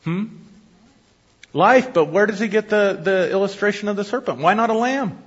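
A man's voice: high voice, normal speed, husky. Man preaching in a reverberant hall. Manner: conversational teaching, asks the congregation questions. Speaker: pastor. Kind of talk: sermon. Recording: dull lo-fi audio with long hall reverb.

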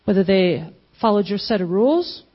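A woman delivers a sermon in a relaxed, conversational way, putting questions straight to the congregation. Her voice sits in a middle range. The recording has a slightly dull, muffled sound. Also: medium pitch, normal speed. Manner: conversational, asks the audience questions, acts out quotes. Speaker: preacher.

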